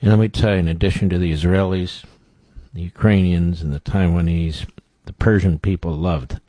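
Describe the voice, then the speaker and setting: A male talk host with a very low voice speaks bluntly and with emphasis, leaning on repeated words to press his points. The sound is dry and close, with no room around it. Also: steady tone, moderate pace, mellow, dry recording. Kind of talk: opinionated commentary.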